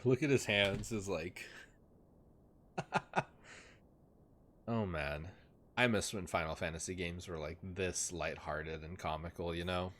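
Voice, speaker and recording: A man's voice: deep voice, slow, long pauses, fairly bright tone. A young man chatting casually on a live game stream at his desk at home, rambling with lots of fillers and talking sweetly to his dogs.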